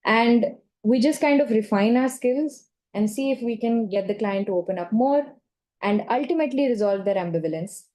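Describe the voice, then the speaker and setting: This is a woman delivering an online training lecture in a relaxed, chatty way, often pausing to ask her listeners "right?" or "okay?". Her voice sits a little high and has a soft, mellow tone. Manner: conversational, frequent "right?" and "okay?" check-ins.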